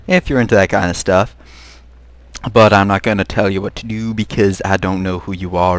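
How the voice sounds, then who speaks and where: A young man giving live commentary on a horror game, muttering to himself and breaking into high, panicked shrieks. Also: normal speed. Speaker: gaming video host.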